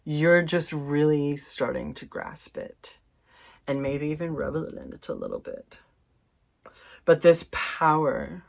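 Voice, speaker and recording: A woman with a low voice reads tarot cards for her viewers, talking unhurriedly. Her delivery is chatty and informal, with mild swearing. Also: gravelly. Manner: chatty, swears mildly, laughs, addresses viewers as fam. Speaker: tarot reader. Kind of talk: casual intuitive tarot reading.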